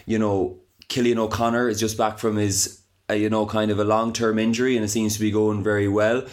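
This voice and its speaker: A man with an Irish accent co-hosting a comic sports podcast, rambling with many halting restarts. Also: on the low side. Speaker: podcast co-host.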